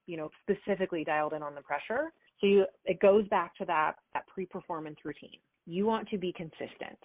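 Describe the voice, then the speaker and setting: A middle-aged woman coaching athletes, answering interview questions in an animated way, acting out little bits of dialogue. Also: lowish voice, no room sound. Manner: animated, acts out quoted dialogue with fillers. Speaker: performance coach, guest. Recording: tinny phone-like line, dry.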